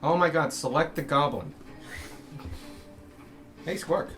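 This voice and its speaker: A bright, forceful man runs the tabletop game, his pitch swinging widely as he narrates. He laughs and swears easily. Faint music plays behind him. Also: slow pace. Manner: lively, laughs and swears freely. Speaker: game master.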